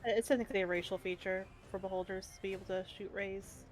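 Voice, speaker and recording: A woman's voice: mid-range voice, steady tone, quick pace, over a noisy crowd. A woman playing a tabletop game in casual chat, thinking aloud as she plays. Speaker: player.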